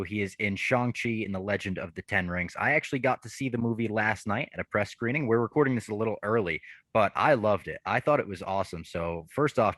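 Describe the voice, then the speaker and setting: Male podcast host, lowish pitch, dry close sound, casual and enthusiastic. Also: fairly bright tone, no echo. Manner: enthusiastic, chatty, lots of "like". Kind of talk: casual interview.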